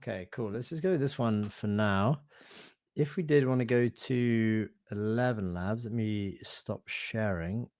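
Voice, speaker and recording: Man, low voice, dry close sound, live screen-share demo, casual and hesitant. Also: a little slow, dry recording. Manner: relaxed, hesitant, with fillers and self-corrections. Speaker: webinar presenter. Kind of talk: live software demo, thinking aloud.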